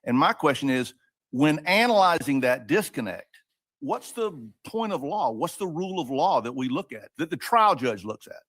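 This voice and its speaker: A man's voice: on the high side, sing-song, moderate pace, fairly bright tone. A man serving as an appellate judge, putting probing, pointed questions to a lawyer in a courtroom. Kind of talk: questioning from the bench.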